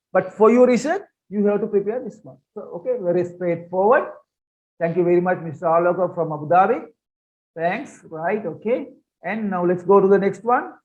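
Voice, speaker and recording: A man's voice: high voice, darkish tone, muffled recording. A man giving an online research methods lecture, repeating points and asking rhetorical questions. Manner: repetitive, rhetorical questions, conversational teaching. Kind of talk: online lecture with shared slides.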